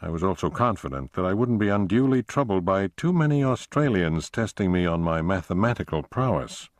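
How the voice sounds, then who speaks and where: A man's voice: sits low, expressive, fairly quick, no room sound, studio quality. A man voicing a wry, affectionate middle-aged man who speaks with a broad Irish accent.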